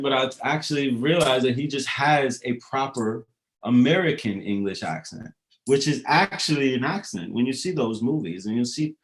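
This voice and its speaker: Male rapper, mid-range voice, freewheeling profane monologue, philosophical and loose. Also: mid-range voice. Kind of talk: casual rambling monologue.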